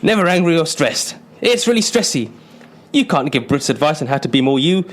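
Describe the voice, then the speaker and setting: A man's voice: fairly high pitch, sing-song, a little fast. A man playing an anxious, uptight British client in a comedy radio sketch, talking in a flustered, self-conscious way. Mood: fretful.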